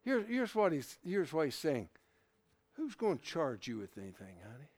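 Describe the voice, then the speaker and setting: An older man preaching a sermon in a folksy way, swinging from hushed asides to loud shouts. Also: on the high side, huge pitch swings, normal speed, no room sound.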